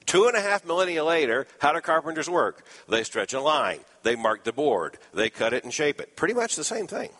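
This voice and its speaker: A man's voice: a little high, sing-song, brisk, few pauses, fairly bright tone, big-room sound. A man preaching a sermon, explaining scripture earnestly with dry asides.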